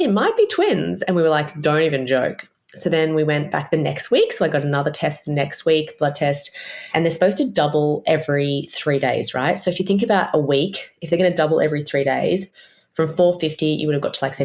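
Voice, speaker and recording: An Australian woman in her thirties tells her own story with open candor and a slightly low voice. She swears casually and slips into quoted voices as she speaks. Her tone stays conversational throughout. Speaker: podcast host. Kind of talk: personal storytelling.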